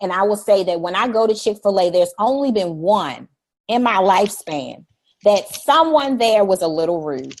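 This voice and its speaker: A middle-aged woman hosting a live stream, talking in an energetic, preachy way, repeating "y'all" and acting out polite phrases. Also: mid-range voice, moderate pace. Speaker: host. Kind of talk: energetic livestream talk.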